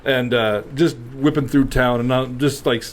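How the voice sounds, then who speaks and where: A man's voice: mid-range voice, steady tone, measured pace. A man co-hosting a podcast, chatting casually and often laughing as he jokes. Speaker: podcast co-host. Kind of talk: casual chat.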